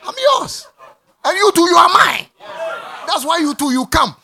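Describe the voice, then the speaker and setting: A man preaching a sermon to a congregation, repeating phrases, laughing and breaking into shouts. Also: very high voice, very animated, a little slow, creaky. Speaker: pastor. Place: church before a congregation.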